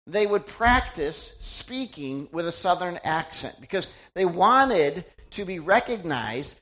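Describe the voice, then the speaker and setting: A middle-aged pastor giving a conversational sermon, chatty and teasing, often quizzing the congregation. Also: mid-range voice.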